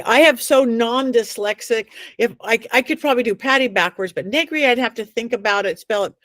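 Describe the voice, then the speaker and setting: Middle-aged woman, interview guest, lively storyteller, slightly high voice, dry close sound. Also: no echo. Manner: acts out quoted voices, dramatic pauses. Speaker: psychic medium guest.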